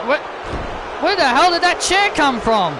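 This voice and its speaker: A man giving excited play-by-play commentary over a wrestling video game, often shouting his calls. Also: very high-pitched, a little slow. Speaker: gaming commentator. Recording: loud game crowd and noise behind. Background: wrestling game crowd noise.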